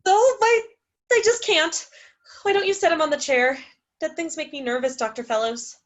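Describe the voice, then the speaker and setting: A woman's voice: high-pitched, animated, normal speed, fairly bright tone. A woman playing a gushing, squeamish female receptionist with a fluttery manner, in a live play reading.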